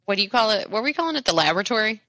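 A woman narrating as game master of a tabletop game, pausing often with fillers as she describes the action. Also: mid-range voice, animated, fairly bright tone, no room sound, low-quality recording. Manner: halting, many filler pauses.

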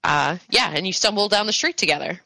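A woman's voice: mid-range voice, expressive, fairly quick, gravelly, pushed and bright, no echo, poor audio. A woman narrating a tabletop game as game master, rambling with many fillers.

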